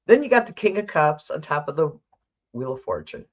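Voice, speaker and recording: A woman's voice: low-pitched, sing-song, brisk, dull audio. A woman doing a live tarot reading, chatting casually and thinking aloud as she corrects herself. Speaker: tarot reader.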